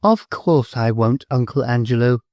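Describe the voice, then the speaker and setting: A man voicing a young English heiress who answers quietly and politely. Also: mid-range voice, normal speed, no room sound, clean studio sound, natural voice. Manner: quiet, composed.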